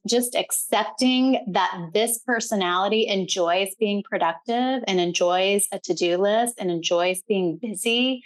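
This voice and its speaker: Woman on a podcast musing slow and roundabout, mid pitch. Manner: reflective, long-winded and roundabout. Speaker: podcast co-host. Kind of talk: casual chat.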